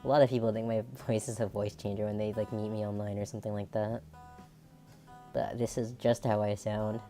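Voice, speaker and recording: A woman's voice: extremely low pitch, level tone, brisk, dark tone, faint music behind. A woman streamer with a nasal, androgynous voice, chatting casually and rambling, laughing often. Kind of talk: casual chat.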